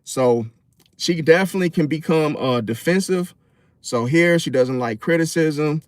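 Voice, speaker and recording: A man's voice: fairly high pitch, moderate pace, no echo. A man in a casual, rambling monologue about relationships and astrology, slangy and profane, full of fillers.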